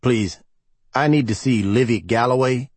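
A male narrator voicing a persistent, barrel-chested private investigator with a deep, scratchy American voice and a hint of a twang. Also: normal speed, a little mellow, breathy edge, no room sound, natural voice. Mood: insistent. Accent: American with a slight twang.

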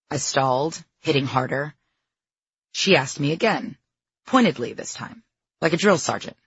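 Husky woman reading her memoir. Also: sits low, animated, normal speed, long pauses, no echo, dull audio. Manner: candid, self-deprecating storytelling. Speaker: memoir narrator. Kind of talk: audiobook memoir narration.

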